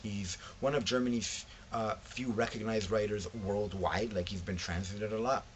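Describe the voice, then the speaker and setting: A man's voice: lowish voice, steady tone, normal speed, a little hiss or hum. A young man casually chatting in a vlog about books he found, telling the story with slangy asides and acting out what his friends said. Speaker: book vlogger.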